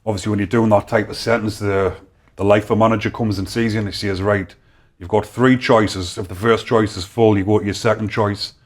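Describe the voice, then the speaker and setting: A man's voice: lowish voice, fairly even intonation, fairly quick. A man with a North East English accent, a podcast guest telling stories in casual chat and acting out quoted voices. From North East England. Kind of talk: casual storytelling.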